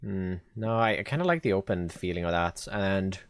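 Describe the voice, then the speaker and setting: A man with a Swedish accent streaming live, thinking out loud as he builds and chatting easily with his viewers. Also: low-pitched, lively intonation, moderate pace, smooth, no echo. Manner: thinks aloud, chatty, reads chat and answers viewers. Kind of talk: casual live-stream chat while building.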